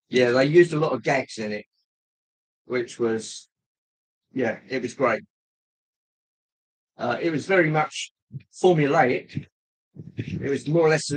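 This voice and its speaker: A man chats casually on a livestream in a fairly high voice. He rambles and jokes, pausing often with ums as he talks to viewers. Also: slightly rough, rough recording. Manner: rambling, jokey, pauses with ums. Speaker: livestream host.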